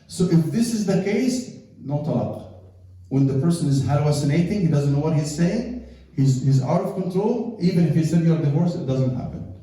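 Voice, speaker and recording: Animated male preacher in an echoey hall. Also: on the high side, normal speed. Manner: animated, acts out dialogues. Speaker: Islamic lecturer. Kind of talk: humorous sermon lecture. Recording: roomy hall, mic far off.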